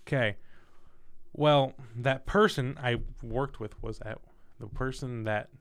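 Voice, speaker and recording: Young man, casual chat, swears a lot, candid, middle pitch. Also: takes it slowly, clean tone. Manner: candid, profane, animated storytelling. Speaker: guest telling a story.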